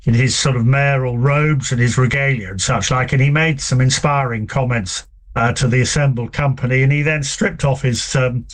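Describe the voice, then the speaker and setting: A man, a book author answering interview questions in a relaxed, hesitant way with many fillers. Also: medium pitch, moderate pace. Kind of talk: conversational interview.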